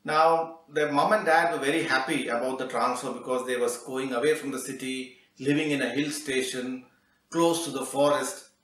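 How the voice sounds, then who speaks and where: A man narrating a children's story in a relaxed, conversational way, with fillers and restarts. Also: mid-range voice, normal speed, roomy sound, recorded from a distance, a little hiss or hum, poor audio.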